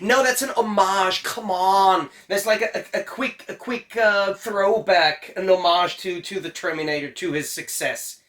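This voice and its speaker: A man's voice: sits high, measured pace, hardly any pauses, a bit bright. A man from Austria with an Austrian German accent, a German native speaker, eagerly hosting and arguing over films in casual chat. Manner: enthusiastic, argumentative. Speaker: co-host reviewing films.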